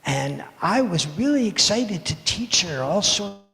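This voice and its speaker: A man in his seventies tells a true story to the whole congregation with playful, animated delivery. His voice sits high for a man and has a gravelly edge. It is recorded in a sanctuary with long reverb. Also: unhurried. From United States. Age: 70s. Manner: animated, playful storyteller who acts out moments. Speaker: guest speaker telling a story for all ages. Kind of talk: storytelling in a service. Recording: echoey hall reverb.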